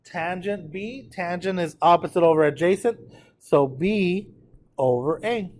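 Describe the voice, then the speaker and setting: A man's voice: high voice, a little slow, darkish tone, a little hiss or hum. A man teaching trigonometry to a classroom, checking in with students and having them repeat terms aloud. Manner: drills pronunciation, asks the class to repeat; frequent check-ins with students. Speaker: math teacher. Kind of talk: classroom lecture.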